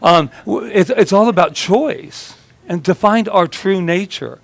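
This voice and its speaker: A man's voice: sits high, unhurried, vocal fry, no room sound. A male minister giving a conversational sermon, telling stories with a humorous, self-deprecating manner.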